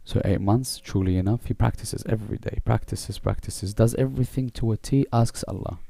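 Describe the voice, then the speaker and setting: A man's voice: lowish voice, brisk, creaky, dark tone, slightly rough, dry recording. A man preaching a sermon, telling a story in short, repeated phrases. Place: mosque hall.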